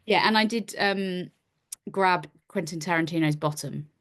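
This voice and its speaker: A woman in her forties with a slightly low voice tells rambling, self-deprecating stories on a podcast. She keeps slipping into acted-out versions of herself and others, playful and easygoing. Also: a little slow, a bit bright. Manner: self-deprecating storyteller, acts out her own lines. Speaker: podcast guest, actor and musician. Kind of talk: casual anecdotal chat.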